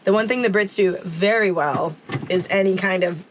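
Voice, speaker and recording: A woman's voice: medium pitch, normal speed, slight background noise. A woman in her thirties chatting upbeat in a casual travel vlog from a camper van. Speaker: travel vlogger.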